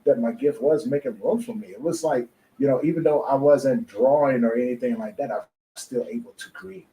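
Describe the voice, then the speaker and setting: A man of middle pitch with an extremely dark, mellow voice hosts a podcast, musing casually and leaning on fillers. The sound is roomy, with faint ambience behind him. He turns his thoughts into questions for his guest. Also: fairly quick, slight background noise. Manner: reflective, filler-heavy, asks questions. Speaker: podcast host. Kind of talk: casual interview chat.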